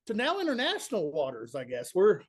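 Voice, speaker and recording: A young man from Kentucky with a Southern accent, a band's bassist telling stories in a laid-back, chatty way. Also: wildly swooping pitch, fairly quick, a crowd in the background. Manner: laid-back, chatty storyteller, says "man" and "dude" a lot. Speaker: band bassist, guest. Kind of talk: casual interview chat.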